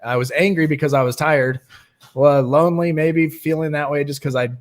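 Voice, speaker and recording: A man's voice: on the high side, fairly even intonation, normal speed. Friendly man hosting a recovery livestream. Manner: friendly, greets viewers by name. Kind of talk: casual livestream chat.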